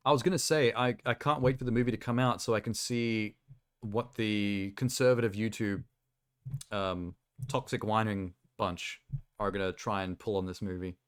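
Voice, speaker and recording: Male streamer, slightly low voice, loose rambling chat reacting to trailers with easy laughs. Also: steady tone, normal speed, clean tone. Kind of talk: casual live-stream chat. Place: home streaming setup.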